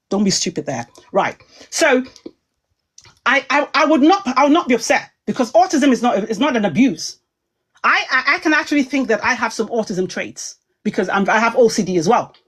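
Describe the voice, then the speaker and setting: Woman, heated online commentator, emphatic and rambling, a touch high-pitched. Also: husky. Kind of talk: heated livestream talk.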